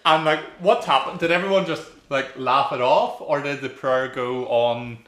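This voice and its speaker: A man's voice: medium pitch, normal speed, fairly bright tone. Guy co-hosting, dry teasing questions, echoey studio. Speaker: co-host. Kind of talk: casual radio show chat. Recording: roomy studio echo.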